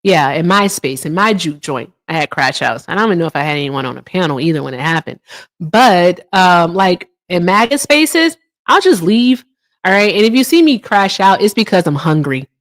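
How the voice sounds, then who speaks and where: A woman hosting a political call-in livestream, chatting casually and reading viewers' comments aloud, with teasing jumps up into a high voice. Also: very animated, moderate pace. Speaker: livestream host.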